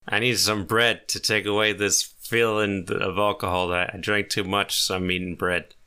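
A man's voice: on the low side, little pitch movement, normal speed, pushed and bright, clean tone. A man voicing a drunk, rowdy male mugger in a tabletop game, blustering in a raised voice. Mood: drunk demanding.

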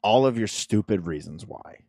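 Sarcastic ranting man, lively pitch. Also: moderate pace, no echo, clean studio sound. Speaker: podcast host. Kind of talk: casual chat.

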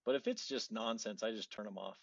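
A man who referees, a guest on a casual podcast, speaking haltingly and restarting his sentences. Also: on the low side, creaky, no room sound, dull audio.

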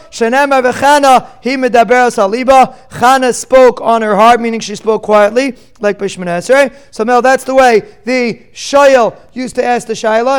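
A man's voice: very high-pitched, smooth. A man teaching a daily Talmud class, reading the text and explaining it line by line in plain English. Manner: explains each text line by line, mixing in Hebrew terms.

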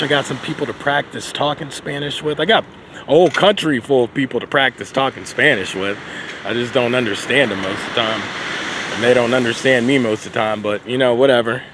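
A man rambles casually into his phone outdoors, swearing freely in an easy, laid-back way. His voice sits at a middling pitch. Faint traffic and outdoor noise hum behind him. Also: fairly even intonation, brisk. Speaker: video journal host. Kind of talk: casual video journal. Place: outdoors on a beach.

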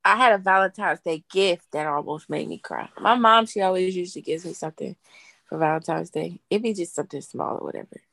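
A woman co-hosting a casual chat, an animated storyteller who acts out quotes. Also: on the low side, fairly quick, creaky, no echo.

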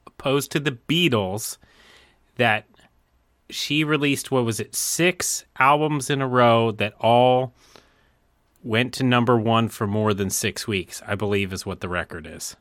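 Bright-voiced man cracking wry jokes. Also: mid-range voice, a little slow, dry recording, studio quality. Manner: wry, joking interjections. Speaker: podcast co-host. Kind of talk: casual chat.

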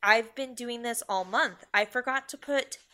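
Bright-voiced woman in podcast chat. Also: on the high side, measured pace. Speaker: podcast co-host.

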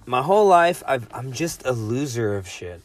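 A man's voice: medium pitch, slight background noise. A man hosting a casual late-night podcast chat outdoors, loose and swearing, saying dude constantly, often laughing. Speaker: podcast host. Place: outdoors in front of a house.

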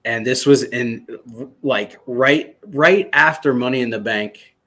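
A man in his thirties from Michigan, a former soldier, telling a story as a podcast guest in an animated, excited way, swearing freely. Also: mid-range voice, takes it slowly. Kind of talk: casual storytelling interview.

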